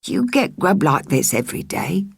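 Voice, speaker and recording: Brief: woman playing a slangy, starving evacuee boy in a storybook, husky and lively. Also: on the low side, moderate pace, dry recording, clean studio sound, voice pushed up, exaggerated voice. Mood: greedy. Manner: cheeky, slangy, greedy for food. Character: hungry cheeky London evacuee boy.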